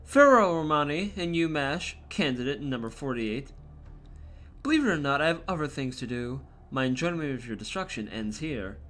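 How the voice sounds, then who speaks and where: A man's voice: fairly high pitch, sing-song, moderate pace, fairly bright tone, faint music behind. A man voicing a cold, gloating male villain mage in a game, lecturing with contempt. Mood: mocking.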